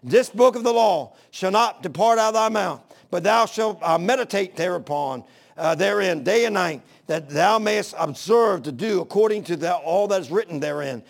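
A man's voice: high voice, animated, normal speed, vocal fry. A man preaching a sermon in a folksy, fervent manner, mixing plain everyday talk with scripture reading.

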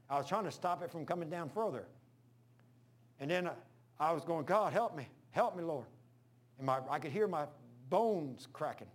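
A pastor telling a story in a sermon, animated and repetitive, breaking into loud outbursts. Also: male voice, fairly high pitch. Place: church.

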